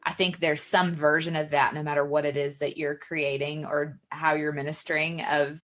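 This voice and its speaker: A woman's voice: deep voice, flat delivery, moderate pace, fairly bright tone. A woman hosting a podcast, chatting casually and affirming her guest often. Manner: effusive, affirming. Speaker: podcast host. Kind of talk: casual interview chat.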